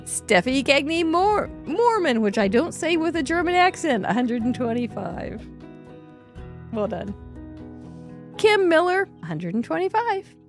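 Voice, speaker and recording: A woman's voice: high-pitched, big pitch swings, unhurried, long pauses, faint music behind. A woman hosting a live craft show, cheerfully reading out names and card counts, laughing often. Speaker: host.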